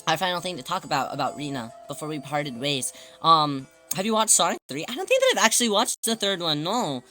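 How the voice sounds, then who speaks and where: Lively bright-voiced male streamer. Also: on the high side, brisk, soft background music. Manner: animated storytelling, laughs often. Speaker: livestream host. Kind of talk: casual livestream chat.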